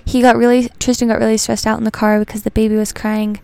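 A young woman hosting a podcast in casual chat, rambling happily through personal stories. Her voice sits a little high, with plenty of gravelly fry, yet stays smooth and clear. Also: level tone, fast, dark tone, dry recording. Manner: chatty, rambling storyteller. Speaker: podcast host.

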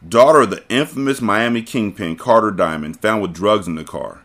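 A man's voice: lowish voice, fairly quick, fairly bright tone, lightly acted. A man voicing a smug male federal agent who speaks in a formal, taunting way in an audiobook reading.

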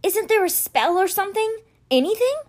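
A woman's voice: extremely high pitch, lively intonation, normal speed, pitched above the performer's own voice. A woman voicing an urgent, protective teenage big brother. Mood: worried.

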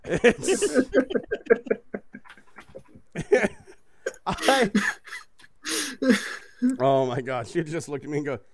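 A man's voice: medium pitch, fairly quick, few pauses. A man hosting a casual chat, swearing freely and laughing as he tells stories. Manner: profane, laughing, animated storytelling.

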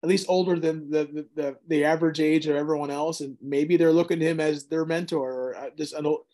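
Higher-voiced pastor thinking aloud. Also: male voice, steady tone, fairly quick, warm tone. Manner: inquisitive, thinks aloud with restarts. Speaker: pastor and podcast co-host. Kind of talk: casual Bible study chat.

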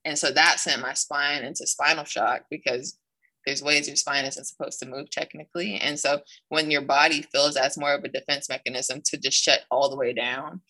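Young woman athlete guest, bright voice, rambling chatty retelling. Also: sits low, steady tone, moderate pace, poor audio. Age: young adult. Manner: rambling, full of "like" and restarts, acts out quoted dialogue. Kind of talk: casual interview storytelling.

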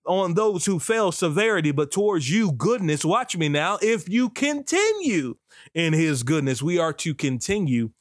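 A man preaching a podcast sermon in a preacher's cadence, breaking into sudden high whoops and exclamations. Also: sing-song, normal speed, no room sound, clean studio sound.

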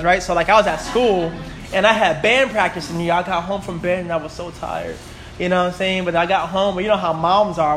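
A man's voice: high voice, fast, a bit bright, slight background noise. A man in his twenties teaching a Bible class, chatty and full of stories, often asking "right?" and "you know?". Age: 20s.

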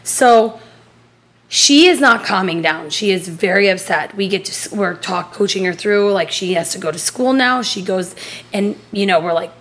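Speaking a little fast in a mid-range voice, a thirtysomething woman shares a laid-back story as a podcast co-host. She animatedly performs the dialogue, casual swearing included.

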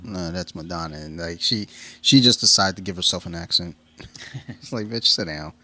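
American dude cohosting a podcast, cracks jokes, swears, does little voices for quotes, laughs a lot. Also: male voice, sits low, normal speed, bright, forceful tone. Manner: jokey, profane, acts out quotes, laughs often. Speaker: podcast co-host. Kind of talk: casual chat.

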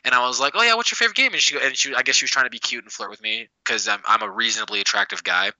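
A young man, a game store clerk co-hosting a podcast, telling stories in animated, profane casual chat and putting on voices for the people in them. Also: medium pitch, racing, no room sound. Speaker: podcast co-host. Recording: dull, dry lo-fi recording.

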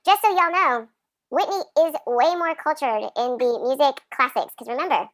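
A chatty woman in her thirties with a high voice, recapping a sitcom with a friend. The sound is dry and close. She laughs often and acts out the lines she quotes. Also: normal speed, a bit bright, no echo. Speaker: podcast co-host. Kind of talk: casual chat recapping a sitcom episode.

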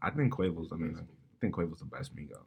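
A man's voice: a bass voice, animated, quick pace, vocal fry. A man co-hosting a podcast in a casual chat, joking in a laid-back way with plenty of slang and laughter. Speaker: podcast co-host.

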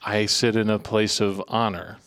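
Low-voiced priest, measured and wry. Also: male voice, steady tone, fairly bright tone. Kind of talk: casual podcast chat.

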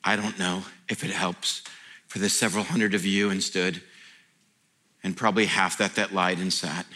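A middle-aged male pastor preaching a sermon in an emphatic, animated way, breaking into laughing asides. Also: sits low, normal speed.

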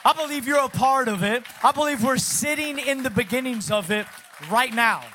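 A middle-aged man with a slight Southern accent speaks as a guest pastor, chatty and energetic. His voice sits notably high for a man, and he keeps the mood light with easy self-deprecating humor. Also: normal speed, a faint crowd, a little hiss or hum. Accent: Southern American, Texas. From Pacific Northwest of the US. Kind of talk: sermon introduction.

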